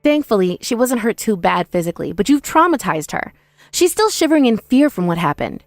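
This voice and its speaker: A woman's voice: medium pitch, big pitch swings, brisk, no echo, studio quality, soft background music. A woman narrating a dramatized first-person story in a confrontational, scolding way.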